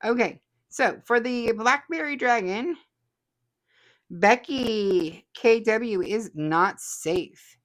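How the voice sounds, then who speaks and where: Lady host reading comments off the thread, kinda high voice, laughs a lot. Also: animated, slow pace. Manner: chatty, laughs often, reads comments aloud. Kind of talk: casual livestream chat reading comments.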